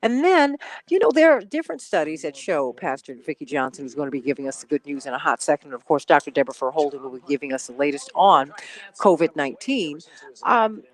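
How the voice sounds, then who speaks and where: A woman's voice: low voice, expressive, fast talker. Woman, radio talk show host, casual chatty delivery, greets listeners by name, studio.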